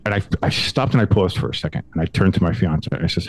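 A young man co-hosting a sports podcast, telling a story in casual chat, acting out quotes with big swings in pitch and some swearing. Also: sing-song, racing, hardly any pauses, a little mellow, dry recording. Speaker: podcast co-host.

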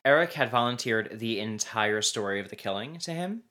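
A man's voice: on the low side, expressive, moderate pace, sharp tone. A man hosting a podcast, casually retelling a true-crime case with many "um"s and "like"s. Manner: recounts case details with frequent "um" and "like". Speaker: podcast host.

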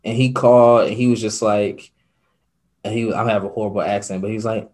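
A man's voice: lowish voice, steady tone, brisk, darkish tone. A young man talking earnestly as an interview guest, reflective and full of fillers. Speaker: guest, podcaster and radio host. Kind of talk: casual interview talk.

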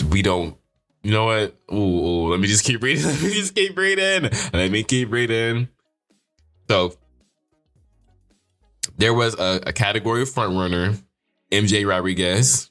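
A man hosting a casual commentary show, animated and sarcastic, swearing often. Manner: animated, sarcastic, swearing, quick pitch swings. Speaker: show host.

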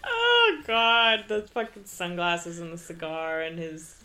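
A woman's voice: fairly low pitch, animated, takes it slowly, bright, forceful tone. A woman co-hosting a podcast, talking about a film with giggly enthusiasm and casual swearing. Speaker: podcast co-host. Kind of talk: casual film review chat.

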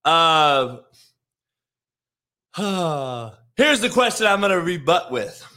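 A man's voice: a little high, sing-song, very slow, pauses often, pushed and bright. A man hosting a show as a football coach, ranting bluntly and mockingly with frequent swearing. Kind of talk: casual profane rant.

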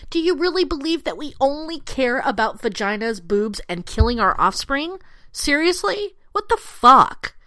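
An angry woman rants with biting sarcasm and plenty of swearing. Her fairly high voice swoops up and down as she hammers each point home. The sound is dry and close, with no room echo. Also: a bit bright. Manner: angry, sarcastic, profane, punchy. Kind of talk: profane political rant to camera.

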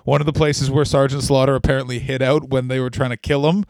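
A man's voice: medium pitch, flat delivery, fast talker, darkish tone, no room sound, studio quality. A man co-hosting a podcast in casual chat, laughing often and riffing with put-on quotes. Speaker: podcast co-host.

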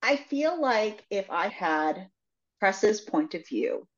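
A woman co-hosting a casual book club podcast, retelling the plot with lively acted-out quotes. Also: slow, lo-fi sound. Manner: animated retelling, acts out quotes in high voices. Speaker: podcast co-host.

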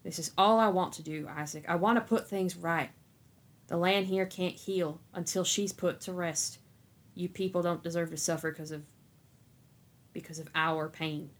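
A woman reading the part of a weary, guilt-ridden male sorcerer, speaking slowly and sternly. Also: fairly low pitch, steady tone, natural voice. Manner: slow and stern.

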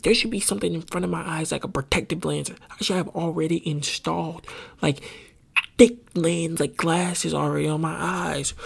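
Podcast host, male, gravelly and husky, casual profane rant with high-pitched outbursts. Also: steady tone, moderate pace. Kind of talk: casual rambling monologue.

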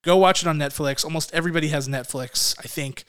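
Chatty thirties guy cohosting a podcast, smooth clear voice a bit on the high side, laughs a lot. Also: fast talker, a bit bright. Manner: chatty, laughs often, self-deprecating. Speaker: podcast co-host. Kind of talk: casual chat.

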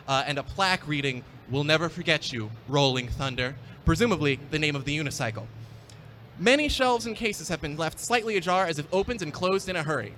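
Bright-voiced game master man. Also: fairly high pitch, slight background noise. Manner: bright, laughing, hesitant with fillers. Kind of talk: narrating a tabletop game.

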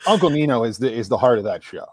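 A man's voice: mid-range voice, big pitch swings, fast talker, no room sound. A man with a South Jersey accent co-hosting a sports radio show, chatty and rambling, repeating words as he thinks. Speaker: podcast co-host. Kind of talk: casual sports radio chat.

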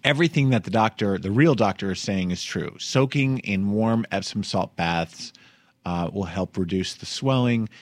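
A man's voice: fairly low pitch, moderate pace, no echo. A man, hosting a comedic news podcast in a chatty, wry way and laughing as he talks. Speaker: podcast host. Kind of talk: casual comedic news chat.

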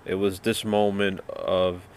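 A man hosting a podcast, asking his guest gentle, probing questions. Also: low voice, flat delivery, takes it slowly, a little hiss or hum. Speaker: podcast host. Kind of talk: interviewing a guest.

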